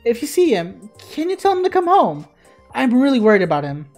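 A woman's voice: a little high, wildly swooping pitch, a little fast, darkish tone, soft background music. A woman voicing a worried teenage girl neighbor who asks politely for help. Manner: polite, anxious.

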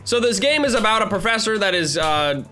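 A man hosting a gaming channel, giving excitable, playful gameplay commentary with lots of giggling and teasing. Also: high voice, brisk, faint music behind.

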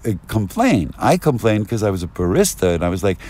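A man rambling through an agitated street monologue, at times rising to yelling, recorded outdoors on a binaural mic. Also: fairly low pitch, very animated, a little fast. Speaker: vlogger.

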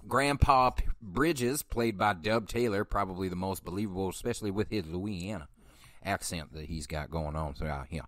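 A man's voice: low-pitched, normal speed, a bit bright, no room sound, studio quality. A man hosting a film podcast, chatting casually in a rambling, profane way and often correcting himself. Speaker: podcast host. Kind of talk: casual film review chat.

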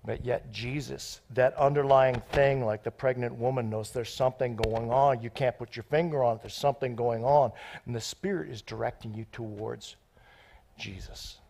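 A man preaching a sermon in an excitable, off-the-cuff way, joking with the congregation between scripture readings. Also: mid-range voice, moderate pace, creaky, slight background noise. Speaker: guest preacher.

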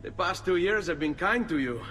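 An actor playing a composed young male assassin, speaking calmly and earnestly. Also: sits high, normal speed. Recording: long hall reverb. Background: faint game music.

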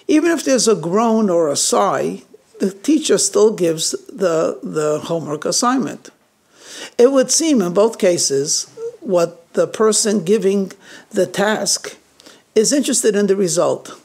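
Man, rabbi, storytelling sermon, gravelly voice, conversational, frequent fillers. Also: sits high, darkish tone. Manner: conversational, many fillers, acts out quoted characters.

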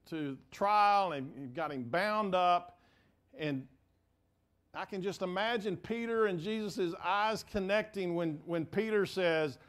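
A male pastor preaching a sermon in a church, telling a story in a lively way with frequent repeated words. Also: high-pitched. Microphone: mic for preaching.

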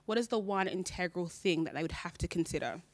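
A woman hosting a casual studio interview, upbeat with quick reactions to her guests. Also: on the low side, no echo. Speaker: interview host.

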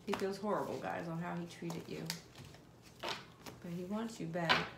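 A woman with a creaky, somewhat low voice reads tarot casually for her viewers at normal speed, leaving long pauses. Chatty and direct, she asks spirit questions aloud; the room is echoey with steady background noise.

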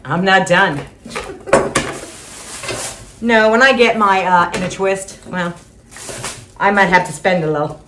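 A woman's voice: mid-range voice, slow pace, long pauses, background noise. Gushing older woman showing off a haul. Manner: gushing, repeats herself, frequent laughs. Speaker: vlogger showing a shopping haul. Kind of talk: casual chatty haul video. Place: at home.

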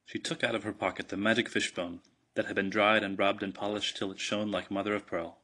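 Low, husky male storybook narrator. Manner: measured, steady reading. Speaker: audiobook narrator. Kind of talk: storybook reading.

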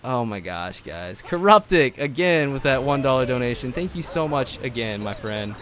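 A man live-streaming gameplay, chatting with viewers in an excitable, gushing way and laughing often, flustered. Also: medium pitch, normal speed.

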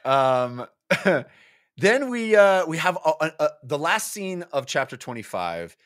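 A man's voice: a little high, very animated, unhurried, a bit bright, dry recording, studio quality. A man co-hosting a casual book club chat, recapping chapters and acting out characters' lines in playful voices. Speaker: podcast co-host.

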